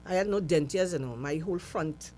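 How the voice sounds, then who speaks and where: A woman's voice: low voice, a little fast, darkish tone, slight background noise. A middle-aged woman with a Trinidadian accent, a guest telling her story with laughter and emphasis. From Trinidad and Tobago. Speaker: interview guest. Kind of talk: animated storytelling.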